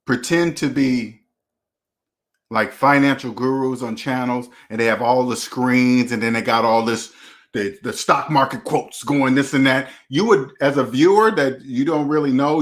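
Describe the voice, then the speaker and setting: Speaking at a normal pace in a mid-range voice, a man hosts a personal finance channel in a casual monologue to camera. He uses blunt street slang, lectures his audience, and repeats key phrases for emphasis.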